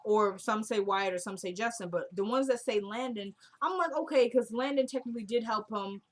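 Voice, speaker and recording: A woman casually recapping a TV drama episode, retelling scenes by quoting the characters in a soft murmur. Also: a little high, a little fast. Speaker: TV recap vlogger.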